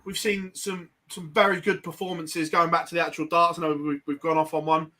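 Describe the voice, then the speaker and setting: A man's voice: fairly high pitch, flat delivery, a little fast, bright, forceful tone. A man with an English accent hosting a casual chat, chatty and laughing often as he steers the topics. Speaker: podcast host. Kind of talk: casual banter.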